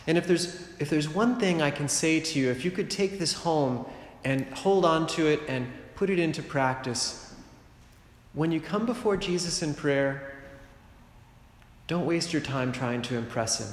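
A middle-aged man preaching a sermon in a conversational way, with joking asides and quick rhetorical checks on the congregation. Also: a little high. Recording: roomy church reverb.

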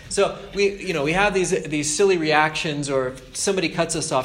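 A man's voice: a little high, steady tone, fairly quick, hardly any pauses, fairly bright tone, a little hiss or hum. A man giving an informal, earnest spiritual talk as a preacher, conversational and self-deprecating. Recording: roomy echo with faint ambience.

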